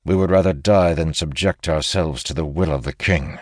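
A man's voice: a bass voice, moderate pace, dry recording, studio quality. A man reading an audiobook, voicing a careworn male lord who speaks diplomatically and somberly. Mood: earnest.

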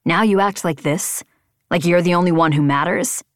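A woman's voice: lowish voice, normal speed, dry recording, studio quality, close to an everyday voice. A woman voicing a stern young male flight leader who speaks firmly and lectures. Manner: firm, lecturing.

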